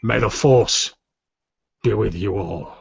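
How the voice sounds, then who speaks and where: A man's voice: lowish voice, slow, creaky, husky, dry recording, exaggerated voice. A man voicing a male rebel commander who gives a formal, rousing speech. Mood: solemn rousing. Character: solemn male rebel commander giving a eulogy. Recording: dull, dry lo-fi audio.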